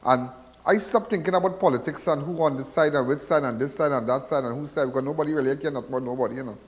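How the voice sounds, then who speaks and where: Trinidadian man, call-in host, rambly and preachy, mid-pitched voice with long reverb. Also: very fast. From Trinidad and Tobago. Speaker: radio call-in show host. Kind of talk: casual call-in talk.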